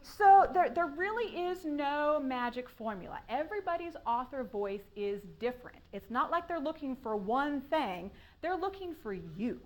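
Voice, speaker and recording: A woman giving a writing workshop talk to a room of listeners, animated and laughing often as she acts out questions. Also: sits high, moderate pace, few pauses. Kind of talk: conference talk. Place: room with an audience.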